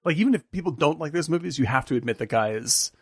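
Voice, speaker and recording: Gravelly, rambling man riffing on movies. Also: fairly high pitch, expressive, fast talker, no room sound, clean studio sound. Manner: rambling, jokey, many fillers. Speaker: podcast co-host. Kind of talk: casual movie review chat.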